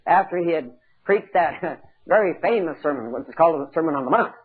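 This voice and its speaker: This sermon comes from a man with a slightly rough voice on the high side, animated and fairly quick. Recorded on tinny, phone-like 1980s audio tape, he brings a Bible story to life with acted-out voices and questions aimed at the congregation.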